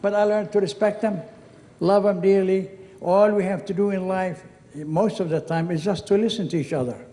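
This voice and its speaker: A man's voice: high voice, fairly even intonation, normal speed, dark tone. An older man from Lebanon with a Lebanese accent, giving a chatty, anecdotal acceptance speech and acting out the dialogue in his stories. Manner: chatty storyteller, acts out quoted dialogue. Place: event hall. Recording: reverberant hall.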